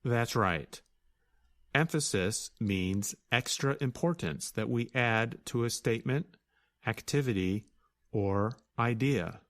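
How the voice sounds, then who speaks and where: A man co-hosting an English lesson, explaining grammar clearly and deliberately and spelling words out. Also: medium pitch, expressive, a bit bright. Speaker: co-host and English teacher. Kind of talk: scripted teaching dialogue.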